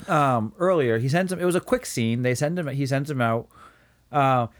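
A man co-hosting a casual movie review chat, calmly recounting scenes step by step. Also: medium pitch, moderate pace. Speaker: podcast co-host.

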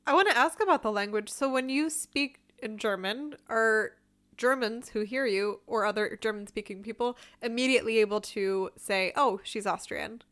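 A woman hosting a podcast, asking questions in a relaxed, casual way, laughing often and using "like" as filler. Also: a little high, normal speed. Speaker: podcast host. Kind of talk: casual interview.

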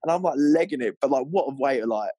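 A young man, an angler, telling a story in an animated, rambling way full of fillers, on a clip-on mic. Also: medium pitch, fast, breathy edge, no room sound. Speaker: angler guest. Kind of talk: excited storytelling.

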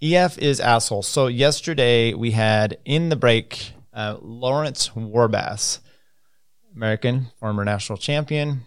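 A man hosts a relaxed solo podcast at a close mic. He drifts between reading news items and offhand commentary, full of fillers and restarts. The recording is dry and close, with his voice at an ordinary middle pitch. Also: smooth, dry recording. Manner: loose and rambling, many fillers, offhand asides. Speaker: podcast host.

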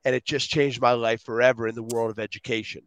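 Middle-aged guy rambling through stories, lively, dry close sound. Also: mid-range voice, fast talker, dry recording. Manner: animated, rambling storyteller. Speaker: guest speaker. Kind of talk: casual interview storytelling.

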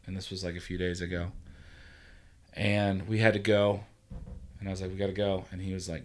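A man hosting a casual talk, telling a story in an animated way, acting out the quotes and swearing freely. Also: sits low, moderate pace, long pauses. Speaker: podcast host. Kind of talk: casual conversation.

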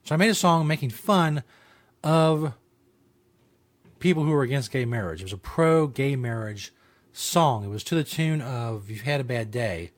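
A man's voice: medium pitch, moderate pace. Guy hosting his own show, rambling and swearing, lots of ums and restarts. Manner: rambling, profane, with many fillers and restarts. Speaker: show host. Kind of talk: casual podcast monologue.

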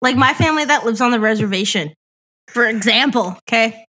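A woman's voice: on the high side, brisk, bright, forceful tone. A woman from Upper Michigan co-hosting a podcast, teasing her friend with blunt, profane remarks. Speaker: podcast co-host. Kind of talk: casual crude banter.

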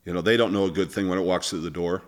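Male talk-show host, lowish pitch, loose rambling intros with frequent fillers. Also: fairly even intonation, rapid-fire. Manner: rambling with many fillers, laughs easily. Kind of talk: casual talk-show chat.

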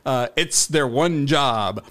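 Male podcast co-host, middle pitch, casual reader who stumbles and giggles. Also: slow pace, a bit bright. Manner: laughing, loose, swears, stumbles over words while reading. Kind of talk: casual chat, reading a news story aloud.

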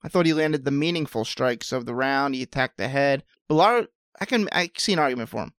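A man co-hosting a podcast, answering in relaxed, brief takes and often stammering as he starts. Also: medium pitch, brisk, no room sound, clean studio sound. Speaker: podcast co-host. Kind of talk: casual podcast chat about fight scoring.

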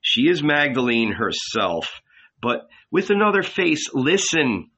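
A man voicing a gentle male guardian angel who soothes and coaxes in a slow, quiet, persuasive manner. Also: mid-range voice, sing-song, breathy edge, muffled recording, full character voice. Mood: consoling.

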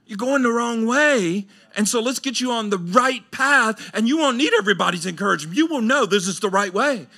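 Middle-aged pastor preaching in church, high bright voice, goes big and loud then drops way down, casual talk, acts out folks. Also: male voice, brisk, hardly any pauses. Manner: animated preaching, swinging from loud high exclamations to low quiet asides; colloquial, acts out listeners' voices, laughs often. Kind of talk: sermon. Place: church sanctuary.

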